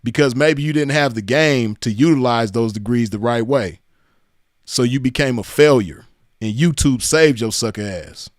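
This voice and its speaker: A man with a Southern California accent hosts a reaction show, mocking what he hears and breaking into laughter as he repeats phrases. His voice is mid-pitched and recorded close and dry. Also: normal speed, no echo. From Los Angeles County. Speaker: commentary host reacting to clips. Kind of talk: casual reaction commentary.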